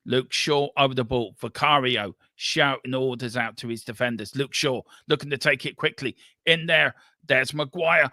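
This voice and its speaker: A man hosting a football watchalong, calling the play live with excitable banter. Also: medium pitch, normal speed, dry recording, clean studio sound. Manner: excitable, running commentary with banter. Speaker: watchalong host.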